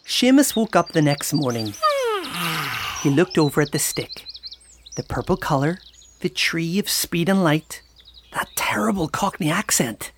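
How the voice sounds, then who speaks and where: A woman's voice: low-pitched, a little slow, background noise. Woman narrating a kids' story. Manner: playful, expressive storytelling. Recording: narration over clear music.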